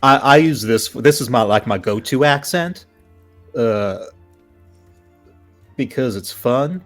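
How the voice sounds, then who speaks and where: A man voicing a sly young male kobold cult heir in a put-on Southern American accent, halting and hushed. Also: mid-range voice, lively intonation, faint music behind.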